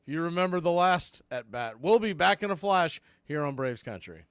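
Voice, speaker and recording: A man calling live baseball play-by-play on a studio mic, with excitable calls and chatty asides. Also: on the high side, normal speed, clear, resonant tone, dry recording. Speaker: play-by-play announcer.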